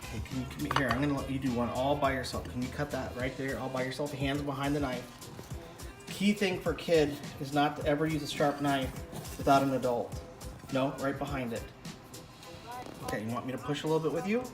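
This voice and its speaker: A middle-aged man casually vlogging as he cooks in a home kitchen and gently coaches his young daughter with a knife, chatty and jokey. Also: medium pitch, fairly even intonation, a little fast. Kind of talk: casual cooking ASMR vlog. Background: music and kitchen clatter of knives and pots.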